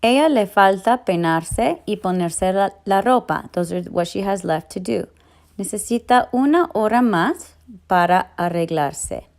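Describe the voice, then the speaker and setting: A woman with a somewhat low voice teaches a Spanish grammar review. She lays out each rule patiently, one step at a time, like a teacher working through examples. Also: darkish tone. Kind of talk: explaining grammar in a recorded lesson.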